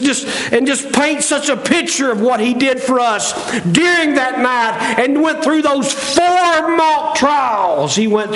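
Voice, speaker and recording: Preacher guy, high voice, slow and drawn out, folksy, swings between dragging words and quick asides. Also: rough recording. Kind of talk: sermon.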